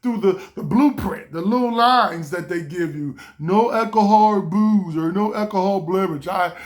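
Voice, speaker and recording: Rambling animated man telling a story. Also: sits high, moderate pace. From Los Angeles area. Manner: animated, jumps into loud excited quoted voices; rambling, keeps saying "you know". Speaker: vlogger. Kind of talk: casual storytelling.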